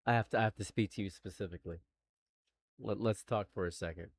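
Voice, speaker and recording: A man's voice: on the low side, fast talker. A man streaming live commentary, stammering through restarts and building into exasperated rants.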